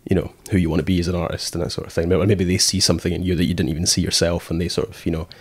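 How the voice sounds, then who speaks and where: Deep-voiced Scottish man, chatty. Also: little pitch movement, very fast, slightly rough, dry recording. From Scotland. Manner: rambling, lots of fillers, acts out quotes. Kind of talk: casual chat.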